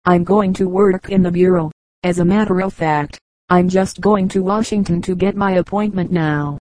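Easygoing older teen boy, chatty, dark low tone, woman reading him. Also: steady tone, normal speed, no echo, lightly acted. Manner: easygoing, cheerful. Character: cheerful older teenage boy from the West.

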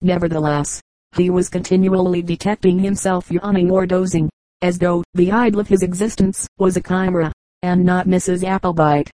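A woman reading a Victorian novel aloud as an audiobook narrator, in a measured, even manner. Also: on the low side, dry recording, rough recording. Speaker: audiobook reader.

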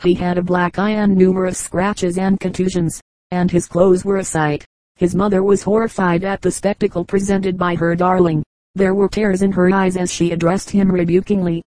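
A woman narrating humorous anecdotes for an audiobook in an even, measured way. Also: on the low side, no room sound, low-quality recording. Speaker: audiobook reader.

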